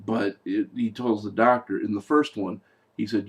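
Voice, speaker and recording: A man's voice: on the low side, fairly even intonation, moderate pace. A man giving a casual spoken movie review, sarcastic and exasperated, rambling with fillers and restarts.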